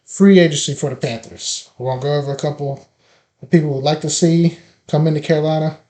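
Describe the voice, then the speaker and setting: A man hosting a casual sports podcast, listing players in a relaxed, chatty way. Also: a little high, quick pace. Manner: opens with playful scripted biblical flood wordplay, then relaxed listing. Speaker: podcast host.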